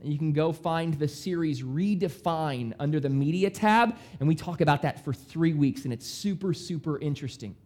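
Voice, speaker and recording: A male pastor with a high, light voice delivers a sermon. He talks in a casual, animated way and keeps the congregation hooked as he acts out the lines of the story. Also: moderate pace, few pauses. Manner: animated, conversational preaching with dramatic voiced quotes.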